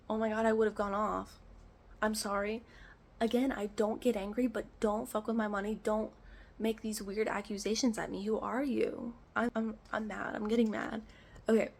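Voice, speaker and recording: There's vocal fry in this vlogger's mid-range voice as she rants exasperatedly through a casual storytime, swearing a lot and filling gaps with "like." She's in an echoey indoor room, and slight background noise comes through.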